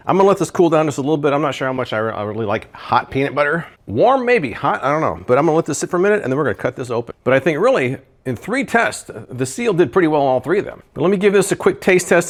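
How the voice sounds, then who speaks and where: Lively chatty man reviewing kitchen gadgets. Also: mid-range voice. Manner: chatty, thinking aloud while he cooks. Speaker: product reviewer. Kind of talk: casual cooking review vlog. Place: home kitchen.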